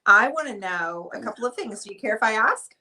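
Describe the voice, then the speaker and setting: A woman's voice: fairly high pitch, animated, a little fast, bright, forceful tone. A woman hosting a casual chat, talking in an earnest, affectionate way. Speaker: host.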